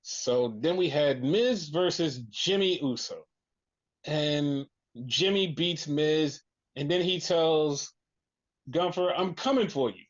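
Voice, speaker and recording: Profane, animated podcast host. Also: mid-range voice, lo-fi sound. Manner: profane, animated retelling with voiced quotes. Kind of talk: casual wrestling recap chat.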